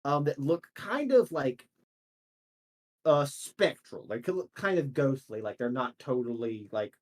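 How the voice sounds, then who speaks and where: A man's voice: medium pitch, lively intonation, measured pace, darkish tone. A man running a tabletop game as game master, narrating in a loose, chatty way with many fillers.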